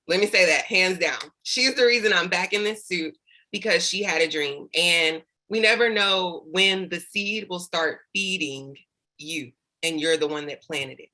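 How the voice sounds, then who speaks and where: A woman on a video call with a lowish, bright, forceful voice. She gushes heartfelt thanks to her team as their new sales director, holding back tears the whole way. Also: moderate pace, poor audio. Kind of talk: celebration speech on a video call.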